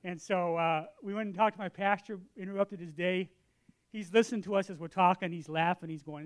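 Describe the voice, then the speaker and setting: A man in his sixties delivering a sermon, his voice sitting high. He tells stories with energy and acts out both sides of a conversation. Then he settles into a quieter, earnest tone for the point he is making. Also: fairly even intonation, fairly quick. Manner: drops to a quiet, earnest tone for the lesson. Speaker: preacher. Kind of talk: sermon with storytelling.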